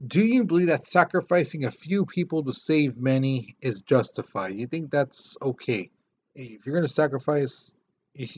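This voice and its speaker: Man, history teacher, casual classroom lecture, conversational, repeats himself, mid pitch, slightly muffled recording. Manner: casual, conversational explaining with repetitions.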